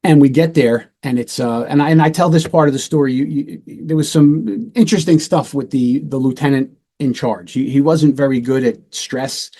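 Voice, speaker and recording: A man's voice: medium pitch, normal speed, hardly any pauses, mellow. A middle-aged man, a retired police lieutenant, telling a true-crime case in a casual, matter-of-fact way and acting out the voices of the people in it.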